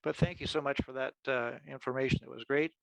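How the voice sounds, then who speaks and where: A man's voice: mid-range voice, steady tone, fast, gravelly, a bit bright, low-quality recording. A man from Canada speaking friendly thanks on a video call. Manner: friendly and gracious.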